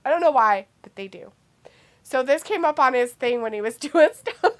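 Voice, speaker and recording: A woman's voice: high-pitched, lively intonation, normal speed. A woman co-hosting a casual live stream, reading chat messages out and joking sarcastically. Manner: reads chat messages aloud, laughs a lot, sarcastic. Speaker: co-host of a wrestling watch-along stream.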